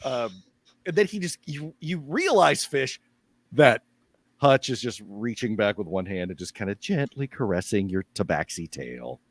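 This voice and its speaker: A man's voice: fairly low pitch, very animated, a little slow, gravelly, no room sound. A man narrating a tabletop game as game master, in a loose, chatty way full of fillers.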